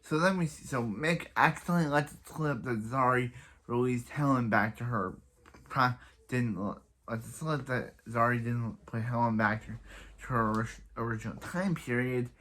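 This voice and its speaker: A man's voice: medium pitch, moderate pace, fairly bright tone. A young man giving a casual, rambling recap of a TV episode, often stumbling and restarting his sentences. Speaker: show reviewer.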